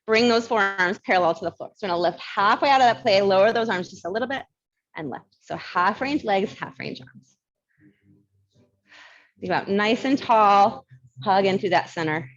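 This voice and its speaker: A woman instructor leading a barre fitness class, chatty and quick to laugh, counting down reps, with a slight lisp. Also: mid-range voice, lo-fi sound. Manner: mild lisp from new aligners.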